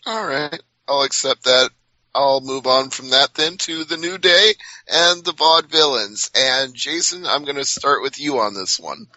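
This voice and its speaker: Male host, very bright tense voice, dry close sound, lo-fi, chatty. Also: mid-range voice, unhurried, no room sound. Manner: chatty, leads the discussion. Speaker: podcast host. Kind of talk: casual wrestling podcast chat. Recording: dull lo-fi sound.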